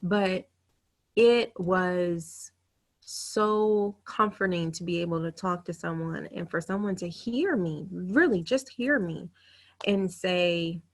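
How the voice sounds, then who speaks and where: A woman in her thirties hosting a webinar, telling her own story in an earnest, candid and emotional way over a computer mic. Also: fairly low pitch. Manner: earnest, candid and emotional, with quick self-quotes. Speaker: webinar host. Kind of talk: webinar talk, personal storytelling.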